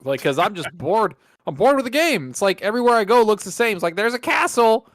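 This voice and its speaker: A man co-hosting a casual gaming podcast, animated and profane, often jumping into high mocking voices. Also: fast, dry recording, studio quality. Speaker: podcast co-host.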